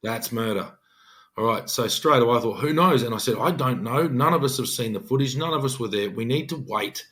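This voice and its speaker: A man's voice: mid-range voice, brisk, a bit bright. Earnest Australian man telling a story. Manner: earnest, emphatic, acts out his own quoted speech. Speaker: police detective sergeant. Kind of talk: podcast storytelling.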